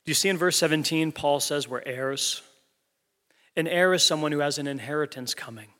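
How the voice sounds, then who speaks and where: Male pastor, earnest, conversational sermon, bright tone, echoing sanctuary. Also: fairly high pitch, moderate pace. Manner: earnest, conversational, asks the congregation questions. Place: church sanctuary.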